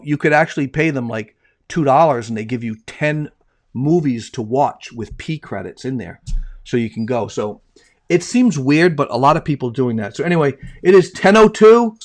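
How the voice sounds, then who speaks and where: Playful man hosting a talk show. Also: fairly high pitch. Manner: jokey, playful, rambling. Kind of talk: casual live show chat.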